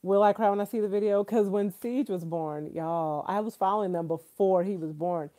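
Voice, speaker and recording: A woman in her thirties hosting a live stream, gushing excitedly and chatting straight to her viewers. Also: medium pitch, normal speed.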